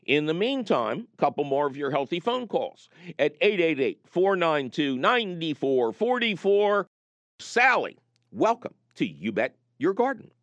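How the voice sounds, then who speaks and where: A man's voice: on the high side, a little slow, no room sound, highs cut off. A man hosting a call-in gardening radio show from a studio, joking and telling stories with energy. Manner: jokey, animated storyteller. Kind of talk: lively call-in radio talk. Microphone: studio mic.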